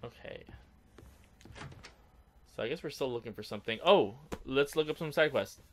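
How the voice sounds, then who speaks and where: A man's voice: medium pitch, expressive, normal speed, a little hiss or hum. A man casually commenting while he plays a video game, laid-back and thinking aloud. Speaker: streamer playing a game. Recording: music from the game behind.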